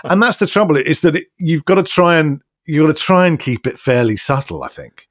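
A man's voice: a little high, animated, a little fast, no echo, studio quality. A man, an audiobook narrator hosting a casual interview, chatty and self-deprecating. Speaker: audiobook narrator and podcast host.

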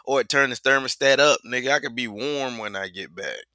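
Male podcast co-host, loud and teasing, very bright voice, dry close mic. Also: medium pitch, brisk, dry recording. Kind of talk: casual banter.

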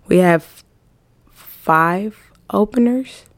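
Woman guest, slow drawl, blunt and slangy, dry studio sound. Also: medium pitch, no room sound. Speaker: music event promoter and artist manager. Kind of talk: casual podcast interview.

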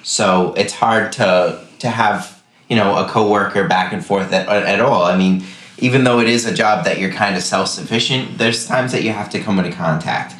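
Man, very deep, loose rambling talk, roomy echo. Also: normal speed, a bit bright. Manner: rambling, loose with many "like" and "kinda". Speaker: podcast co-host. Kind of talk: casual chat.

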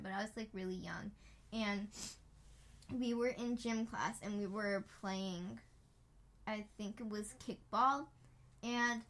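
Bright-voiced chatty American young woman. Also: mid-range voice. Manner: chatty, rambling storyteller with frequent "like". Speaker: podcast co-host. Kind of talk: casual chat.

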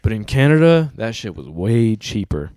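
A man's voice: on the low side, big pitch swings, moderate pace, warm tone, no echo, clean studio sound. A young man hosting a casual podcast chat, telling a long story in a loose, slangy way with a lot of swearing. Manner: laid-back storytelling with heavy slang and swearing. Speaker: podcast host.

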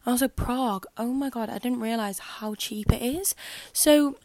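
She's a young woman hosting a casual podcast on her own, chatty and rambling, her speech full of "like" and "um." Her pitch is fairly high, her pace a little slow, and her tone a little mellow, with no room sound.

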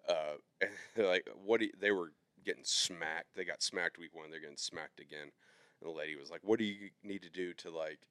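A man's voice: low voice, a little fast, sharp tone, smooth, no room sound. A man co-hosting a podcast, chatting casually and loosely about sports bets, with plenty of fillers. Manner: loose, rambling, lots of fillers. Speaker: podcast co-host. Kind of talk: casual sports betting chat.

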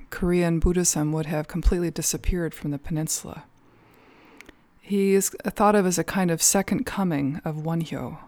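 A woman at a Zen center telling a teaching story for a podcast, calm and measured, with soft fillers. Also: on the low side, no room sound.

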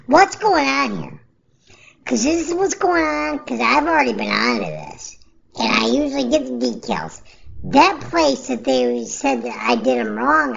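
Gravelly woman ranting in a lo-fi vlog. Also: medium pitch. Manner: rambling and repetitive, indignant complaining. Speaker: vlogger. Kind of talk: casual rant to camera. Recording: dull lo-fi recording.

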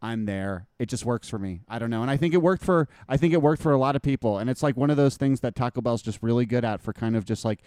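A man's voice: mid-range voice, fast, hardly any pauses, darkish tone, smooth, dry recording, clean studio sound. A man co-hosting a casual podcast chat, easygoing and playful, a little tipsy. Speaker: podcast co-host.

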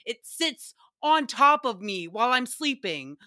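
Woman podcast host, bright kinda high voice, super animated, swears a lot, dry close sound. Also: measured pace, no echo. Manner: animated, profane, laughs often. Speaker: podcast host recapping reality TV. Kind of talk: casual chat.

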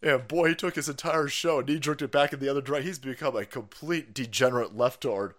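A man hosting a live stream, ranting in a foul-mouthed way, breaking into loud mocking impressions and laughter. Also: medium pitch, fast. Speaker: streamer host.

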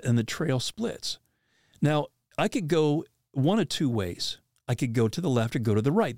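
A man telling a personal hunting story in a casual, animated way, often restarting and acting out quotes. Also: medium pitch, no room sound, studio quality.

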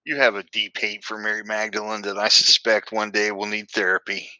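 A man's voice: lowish voice, monotone, brisk, sharp tone, no echo, muffled recording. A man co-hosting a podcast in casual chat, teasing his partner and laughing often. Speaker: podcast co-host.

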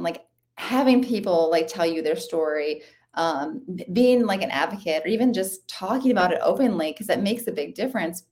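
A woman's voice: fairly low pitch, darkish tone. A woman in her thirties talking casually as an interview guest, chatty and full of "like" fillers, often laughing as she talks. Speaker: interview guest, ultra runner.

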